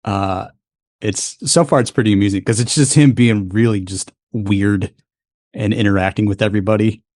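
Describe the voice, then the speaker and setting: Casual chat podcast co-host: a man with a lowish, dry voice who swears freely and teases. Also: fairly even intonation, normal speed, darkish tone, no room sound. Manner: swears freely, teasing, laughs often.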